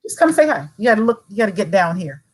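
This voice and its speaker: A Saint Croix woman, guesting on a podcast, talks fast in a sing-song, mid-range voice with a slightly rough edge. She stays earnest and encouraging through long runs of casual chat, captured in low-quality audio.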